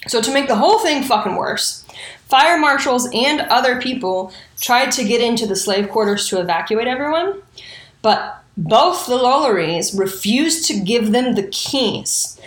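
A fairly high-voiced woman tells the story casually, swearing freely and breaking off into indignant, sarcastic asides. Her voice sounds echoey, as if recorded in a bare room. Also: expressive, measured pace. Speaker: true crime storyteller.

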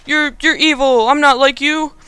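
An earnest, flustered young male superhero who stammers over his words in a raised, bright voice, as a man puts him on. The sound is dry and close. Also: very high-pitched, fairly even intonation, normal speed, dry recording, voice pushed up.

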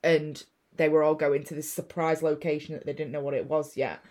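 A young woman co-hosting a casual film-review chat, telling the plot in a sweary, animated way and acting out the characters' lines. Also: deep voice, a little fast. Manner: sweary, animated storytelling with acted-out quotes. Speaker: podcast co-host.

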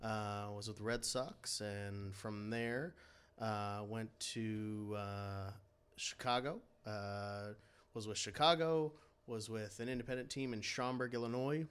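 A man's voice: fairly low pitch, fairly even intonation, slow pace, a bit bright, clean tone. A man who is a guest on a casual podcast, laid-back and laughing easily as he tells his story.

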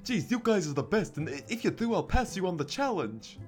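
A man's voice: high-pitched, very animated, a little fast, soft background music, voice pushed up. A man voicing a shy, lovesick young man who gushes bashfully about his crush in a tabletop game. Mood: smitten. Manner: bashful, gushing.

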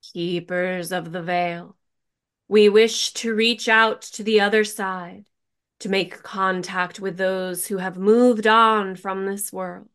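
A woman voicing a teenage girl reciting a séance incantation slowly and solemnly. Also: mid-range voice, fairly even intonation, clean tone. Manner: slow, solemn, hushed.

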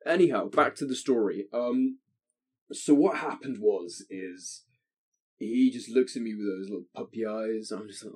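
A man's voice: mid-range voice, lively intonation, moderate pace, darkish tone. A young man telling a long story in casual chat, swearing often and rambling with restarts into a desk microphone. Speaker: podcast co-host telling a story.

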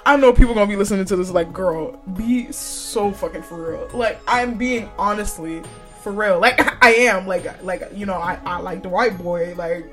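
A woman's voice: medium pitch, moderate pace, fairly bright tone, soft background music. A woman hosting a podcast, giving blunt, profane opinions in casual chat and often breaking into laughter. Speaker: podcast host.

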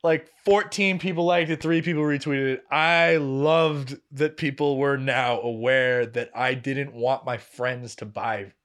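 A young man co-hosting a podcast tells a story in casual chat, his medium-pitched voice moving at a measured pace with few pauses. Animated, he acts out others' quoted words and laughs and swears freely.

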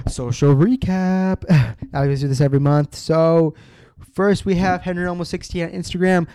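A man hosting a casual football podcast, ranting excitedly, cursing often and restarting his sentences. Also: fairly high pitch, smooth.

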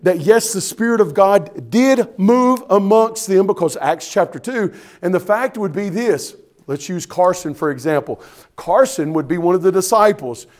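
A man's voice: high-pitched, darkish tone. A male pastor, preaching a sermon in an emphatic, folksy way and often asking the congregation if they are ready.

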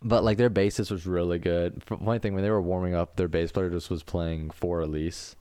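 A man's voice: sits low, steady tone, fairly quick, dark tone, clear, resonant tone, dry recording, studio quality. A man co-hosting a casual podcast, rambling through stories with many fillers and acting out what people said. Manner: rambling, lots of "like" fillers, acts out quotes with a raised voice. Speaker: podcast co-host. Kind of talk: casual chat.

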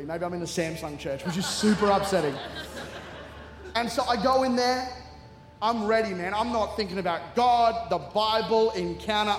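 An Australian man preaches from the stage, his voice sitting high for a man. He tells stories with humour and self-mockery. The sound carries a long reverb from a large hall with faint ambience behind. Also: slight background noise. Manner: humorous, animated, self-mocking storytelling with laughter. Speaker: guest preacher. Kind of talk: storytelling sermon. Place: large church hall with congregation.

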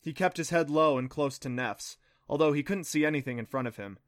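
A man narrating a children's adventure storybook in a steady, expressive reading. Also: fairly high pitch, brisk, no room sound, studio quality. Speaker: audiobook narrator.

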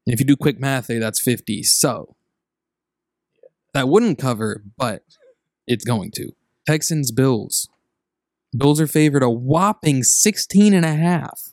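A man's voice: medium pitch, lively intonation, measured pace, pauses often, a little mellow, no room sound. Joking young man hosting, dry mic. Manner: joking, teasing, runs the segments. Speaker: podcast host. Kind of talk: casual sports chat.

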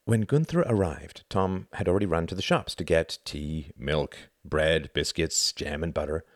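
Deep-voiced man reading an audiobook. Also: normal speed, dry recording, studio quality. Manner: expressive, animated reading. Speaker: narrator. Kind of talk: audiobook narration.

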